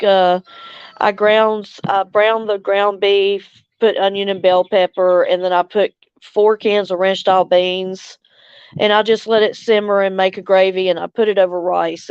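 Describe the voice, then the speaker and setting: An older woman from Louisiana hosting a casual livestream chat, speaking slowly and tenderly with soft chuckles, tearful at times. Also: medium pitch, clear, resonant tone, no room sound, muffled recording. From Louisiana, USA. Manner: slow, tender, chuckling between lines. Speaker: livestream host.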